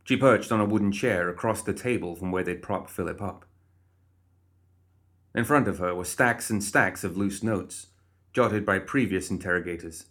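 A man giving steady, measured storybook narration. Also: sits low.

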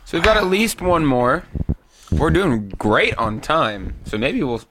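A man's voice: a little high, big pitch swings, measured pace, background noise. Laid-back man hosting a beer-tasting podcast. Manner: laid-back, joking, steers the talk. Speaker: podcast host. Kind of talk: casual beer-tasting chat.

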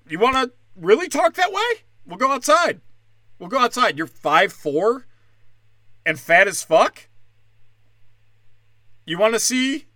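A stand-up comic with a New York accent rants aggressively and profanely on his late-night podcast. His voice is high with a sharp tone, recorded dry with clean studio sound.

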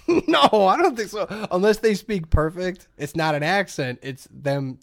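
A man's voice: sits high, sing-song, a little slow, creaky, no room sound. Jokey male podcast co-host, dry sound. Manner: jokey, laughs often, slips into silly put-on voices. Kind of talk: casual chat.

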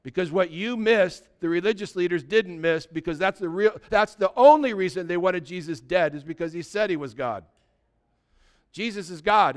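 High-pitched preaching man. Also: moderate pace. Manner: earnest, exhorting preacher addressing the congregation directly. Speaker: pastor. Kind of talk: sermon.

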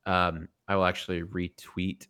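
A man's voice: sits low, level tone, moderate pace, pushed and bright, smooth. A man with a Tennessee Southern accent, a podcast guest chatting casually in a loose, emphatic way with the odd swear. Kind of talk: casual chat.

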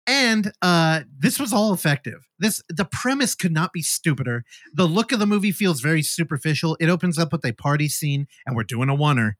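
A man hosting a casual movie podcast, retelling a film plot with profanity and quick acted-out lines. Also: on the high side, dry recording, studio quality. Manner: animated, profane, acts out movie scenes. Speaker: podcast host. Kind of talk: casual movie review chat.

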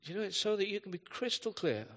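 A man delivers a sermon in a high, bright, forward voice. He slips easily into stories and self-deprecating jokes, talking to the congregation as if chatting. The recording carries a long reverb from a church hall. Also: sing-song, fast talker. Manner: chatty storytelling with asides and self-deprecating humor. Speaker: pastor. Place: church hall, live service.

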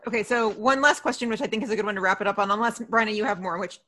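A woman hosting an interview, asking questions in a relaxed way with fillers. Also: mid-range voice, very fast. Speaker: interviewer, podcast host. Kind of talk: casual interview conversation.

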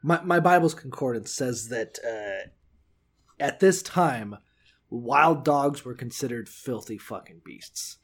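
A man's voice: mid-range voice, lively intonation, slow, slightly rough. A man co-hosting a podcast in casual chat, mocking and swearing, laughing often. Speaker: podcast co-host.

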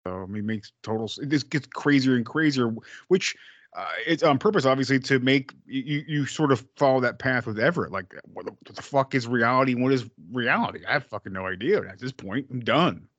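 A man's voice: mid-range voice, a little fast, dry recording, lo-fi sound. A man co-hosting a podcast, animatedly retelling film scenes and acting out quotes. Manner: animated, acts out quotes, laughs often. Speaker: podcast co-host. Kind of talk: casual film discussion.

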